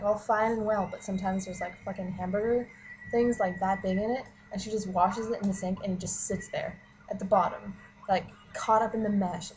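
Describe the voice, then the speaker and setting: A woman's voice: medium pitch, background noise. Young woman ranting, swearing a lot. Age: young adult. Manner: profane, heavy use of "like", exasperated. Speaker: college student vlogger. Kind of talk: casual ranting vlog.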